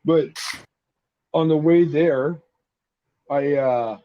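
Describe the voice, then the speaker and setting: A Canadian man from Ontario telling stories in a casual chat, animated, acting out the voices of people in his stories. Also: fairly high pitch, drawn-out words. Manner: animated storyteller, acts out dialogue. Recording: muffled lo-fi audio with faint noise.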